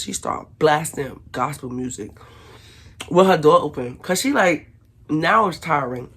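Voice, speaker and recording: Husky animated woman telling a story. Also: low-pitched. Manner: animated, slangy storytelling with acted-out quotes. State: recovering from illness. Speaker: vlogger. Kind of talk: casual storytime.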